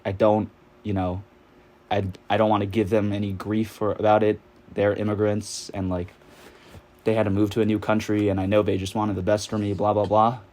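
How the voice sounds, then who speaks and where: A man's voice: fairly low pitch, a little mellow. A man in his twenties from New York, telling a story in a rambling, casual way, full of fillers and swearing while he plays a game. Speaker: vlogger.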